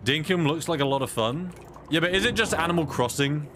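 Swearing British streamer chatting over gameplay. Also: male voice, on the high side, animated, brisk, fairly bright tone, a little hiss or hum. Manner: swears often, reads chat aloud, blurts reactions. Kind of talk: casual gameplay chat.

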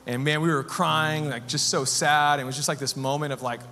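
A man's voice: fairly high pitch, fairly even intonation, a little fast, pushed and bright, a little hiss or hum. A man in his thirties preaching a sermon as pastor, earnest and building to fervent, repeated phrases. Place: church sanctuary. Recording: long church hall reverb with music behind.

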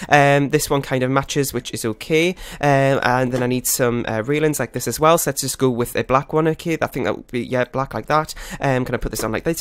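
A man's voice: mid-range voice, brisk, few pauses, a bit bright, clean tone, no echo. A man hosting his own gaming channel, giving flustered, rambling, self-critical live commentary while he plays. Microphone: desktop USB microphone.

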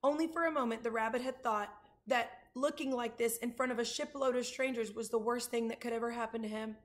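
Brief: woman reader, children's chapter book, higher voice, storytime manner. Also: fairly even intonation, brisk. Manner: showing pictures to listeners. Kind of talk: reading a children's book aloud.

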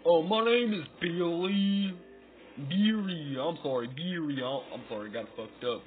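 A man's voice: a little high, measured pace, faint music behind, close to an everyday voice. A man putting on the voice of a toothless, dopey man who lisps and slurs his words. The recording sounds tinny and phone-like. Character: toothless goofy man with a lisp.

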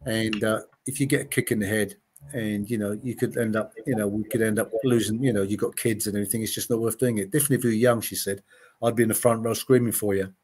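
A man's voice: lowish voice, fairly even intonation, fast, darkish tone, breathy edge. A man in his late sixties, a former TV gladiator, telling anecdotes in a casual interview and acting out the voices of the people he quotes. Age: 60s. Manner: chatty anecdotes, acts out quoted voices, frequent "you know".

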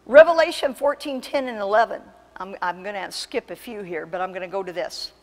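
A woman pastor preaching a sermon with impassioned, emphatic delivery that surges to loud peaks. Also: mid-range voice, fairly quick, long reverb tail. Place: church sanctuary.

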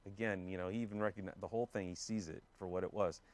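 A man as pastor, explaining a scripture passage in a relaxed, conversational way with frequent fillers and restarts. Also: low voice, fast, no room sound. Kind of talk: expository Bible teaching. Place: church.

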